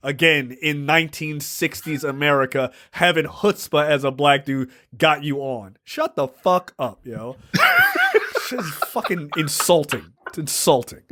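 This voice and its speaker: A man's voice: fairly high pitch, huge pitch swings, measured pace, pushed and bright, slight background noise. A man co-hosting a podcast, talking in a casual, sarcastic and profane way while retelling film scenes. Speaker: podcast co-host. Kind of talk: casual film-review chat.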